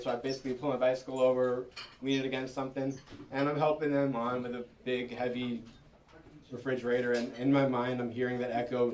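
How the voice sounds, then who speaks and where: A man's voice: mid-range voice, steady tone, a little fast, a little mellow, distant mic, slight background noise. Rambling amateur stand-up man. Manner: rambling, self-deprecating, many fillers. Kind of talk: stand-up storytelling. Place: restaurant event space with live audience. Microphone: handheld mic.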